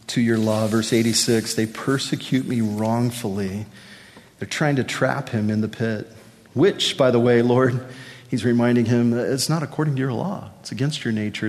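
A man preaching a sermon earnestly, leaning on slow, stressed phrases and repeated words. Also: medium pitch, a little mellow. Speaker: pastor. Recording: long hall reverb.

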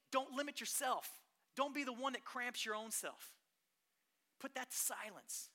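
A pastor preaching a sermon, telling stories in an animated way that swings between hushed and loud. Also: mid-range voice, measured pace.

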